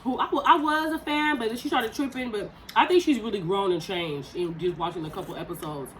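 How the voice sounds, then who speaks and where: A woman's voice: medium pitch, a little fast, fairly bright tone, poor audio. A woman in her thirties co-hosting a podcast, talking casually and animatedly over a meal, laughing often. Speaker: podcast co-host.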